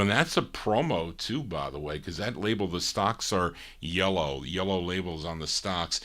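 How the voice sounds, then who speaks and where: A man's voice: on the low side, sharp tone. A man hosting a live record show, rambling and digressing casually between songs. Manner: rambling, digressive, chuckles to himself. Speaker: radio show host and record DJ.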